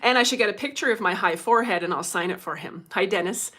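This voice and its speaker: A middle-aged woman, hosting a casual livestream as a medium, chatty and quick to laugh, greeting viewers by name. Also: medium pitch, pushed and bright.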